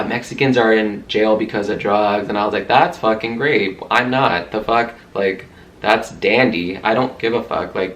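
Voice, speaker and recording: A man's voice: deep voice, a bit bright, slight background noise. A man vlogger telling a story to camera in a heated, profane way.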